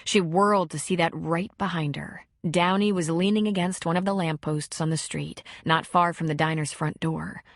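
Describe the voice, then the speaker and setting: A woman narrating an audiobook in an even, measured storytelling manner, close to the mic. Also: fairly low pitch, no echo. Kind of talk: scripted narration.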